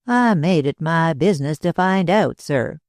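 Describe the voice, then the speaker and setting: A man's voice: a little high, lively intonation, no room sound. A man doing a drawling American older man. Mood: cool. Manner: drawling, slow and dry. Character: talkative older American man, overly friendly.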